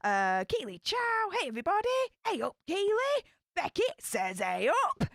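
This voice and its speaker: A woman's voice: extremely high pitch, unhurried, creaky, dry recording, clean studio sound. A young woman with a Yorkshire accent hosting a casual livestream, chatty and upbeat as she greets viewers and reads their comments. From Yorkshire, England. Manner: upbeat, chatty, bursts of excitement. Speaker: livestream host.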